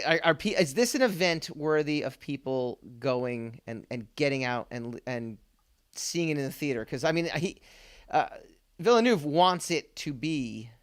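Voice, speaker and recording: A man's voice: mid-range voice, clear, resonant tone. A man hosting a casual pop culture podcast, rambling with lots of fillers and restarts. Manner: rambling, laughs often, many fillers and restarts. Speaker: podcast host.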